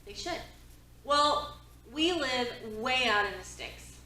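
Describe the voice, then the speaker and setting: Woman, therapist giving a talk, storytelling, conversational, fairly high voice, echoey hall. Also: takes it slowly, distant mic. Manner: expressive, conversational, with frequent "right?" asides. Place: presentation hall.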